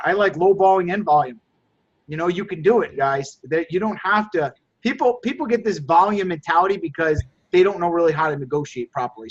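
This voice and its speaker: A man's voice: sits high, dull audio. A man hosting a casual group chat, coaching listeners in an emphatic, repetitive way and acting out sales dialogues. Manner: emphatic, repeats himself, acts out buyer dialogues. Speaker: host coaching phone resellers.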